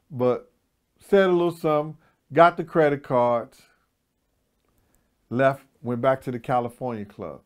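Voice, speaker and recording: A man's voice: medium pitch, moderate pace, pauses often. A middle-aged man telling a story as an interview guest, blunt and profane, with a meandering, casual delivery.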